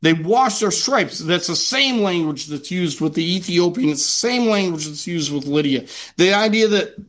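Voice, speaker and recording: A man preaching a sermon to his congregation in a notably high voice. He is earnest and often asks a question and then answers it himself. He slows down when reading scripture aloud. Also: lively intonation, a bit bright. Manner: reads scripture aloud, slowing down. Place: church meeting room with a congregation.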